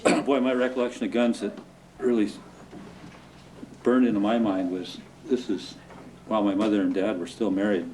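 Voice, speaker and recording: An older man from the Northern California coast recalling childhood memories in an unhurried way, laughing through vivid moments, at a museum talk. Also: on the low side, steady tone, a little mellow. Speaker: storyteller guest. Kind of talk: anecdotal storytelling. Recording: distant mic with clear background noise.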